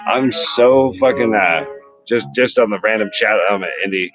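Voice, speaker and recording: A man's voice: fairly low pitch, measured pace, over music. Profane rambling man. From North Shore of Boston. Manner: profane, rambling, laughs often. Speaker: host. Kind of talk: casual livestream chat and freestyle rap.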